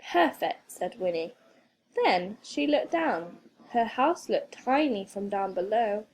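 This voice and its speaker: A woman reading a children's storybook aloud as a teacher, expressive and playful with sound effects. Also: medium pitch, slow, slight background noise.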